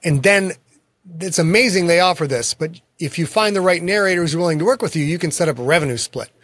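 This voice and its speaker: A man's voice: on the high side, lively intonation, quick pace, a bit bright, no echo. A man, a guest author in a casual interview, telling frank and self-deprecating stories about his work.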